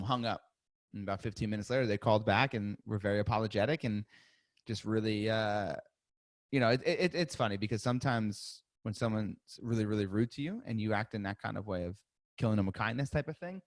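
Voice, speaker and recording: A man hosting a live sales-coaching webinar. He talks in a lively, chatty way, laughs often and acts out sample phone calls and voicemails. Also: fairly low pitch, fairly quick, no room sound, clean studio sound.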